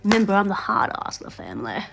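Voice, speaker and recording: A woman's voice: mid-range voice, very animated, racing, creaky, fairly bright tone. A woman giving casual, opinionated reaction commentary on a reality show, laughing often and acting out what she would say.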